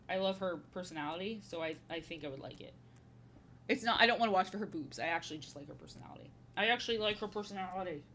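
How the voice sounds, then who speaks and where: Bright-voiced woman rambling on stream. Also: fairly low pitch, a little hiss or hum. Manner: rambling, repeats her own phrases; playful, slips into silly voices. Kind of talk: casual chat while painting.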